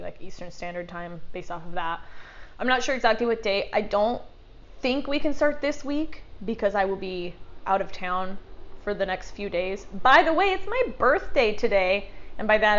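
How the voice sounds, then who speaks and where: A woman's voice: mid-range voice, highs cut off. A young woman chatting casually to camera as a vlogger, self-mocking and laughing often.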